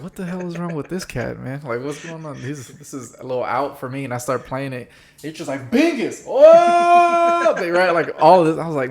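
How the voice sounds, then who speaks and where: A man hosting a casual podcast chat, telling stories animatedly and acting out quoted voices. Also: a little high. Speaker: podcast host. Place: San Diego.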